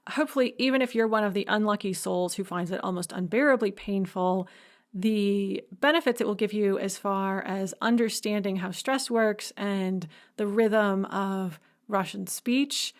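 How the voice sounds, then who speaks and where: A woman's voice: mid-range voice, normal speed. Woman lecturer explaining poetic meter. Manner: explanatory, hums rhythms aloud. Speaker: instructor. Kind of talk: recorded lecture.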